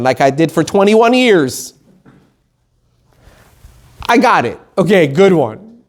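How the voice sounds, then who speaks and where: A rabbi with a high male voice gives an animated Torah lesson, reading out quotes and explaining them in plain English.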